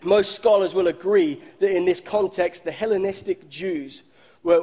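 A male pastor preaching a sermon, telling a story and slowing down low for emphasis. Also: dark tone. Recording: long hall reverb.

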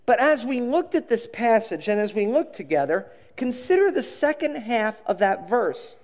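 A middle-aged man preaching a sermon as a pastor, telling stories expressively and dropping to a hush for emphasis. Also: very high voice, very animated, normal speed, in a large hall.

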